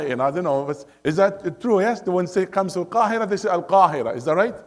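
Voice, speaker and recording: A man teaching a Quran study circle in a mosque classroom, his voice sitting a little high. He moves between English and Arabic and checks in with the class through constant questions. Now and then he recites verses in a melodic chant. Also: expressive, fast talker.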